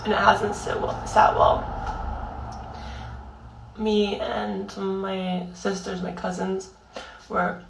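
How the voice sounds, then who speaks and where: Tearful young woman, slow and halting. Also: mid-range voice, creaky, reverberant, distant mic, a little hiss or hum, low-quality recording. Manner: halting and raw, heavy swearing, many fillers. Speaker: vlogger. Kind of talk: emotional personal monologue.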